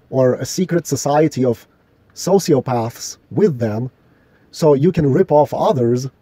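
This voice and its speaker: A man's voice: mid-range voice, dark tone, no echo. A man delivering a solo vlog rant in an indignant, argumentative, profane way. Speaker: vlogger.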